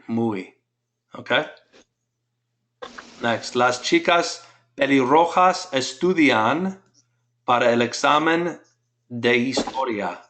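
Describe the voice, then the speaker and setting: A man's voice: mid-range voice, a bit bright, slight background noise. A man teaching a Spanish class, patiently explaining grammar step by step and quizzing his students.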